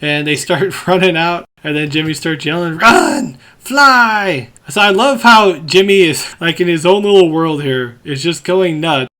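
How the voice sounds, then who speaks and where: A man hosting a podcast, recapping a movie scene by scene and acting out the quotes in lively voices. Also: fairly high pitch, normal speed, hardly any pauses. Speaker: podcast host.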